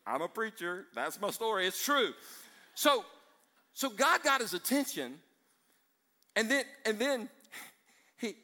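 A man preaches to a church crowd with a bright, forceful voice pitched a little high. He gets fired up and throws in joking side remarks between points. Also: big pitch swings, unhurried, pauses often. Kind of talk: sermon. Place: church in front of a live congregation.

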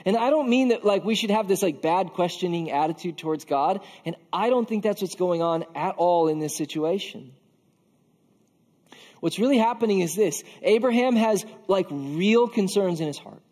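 A man with a notably high voice gives a casual, earnest sermon, talking to the congregation as if chatting and leaning on the word "like". His voice rings with the long reverb of a large church hall. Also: expressive, moderate pace, a little mellow. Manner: casual and earnest, with frequent filler "like". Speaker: pastor. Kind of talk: conversational sermon.

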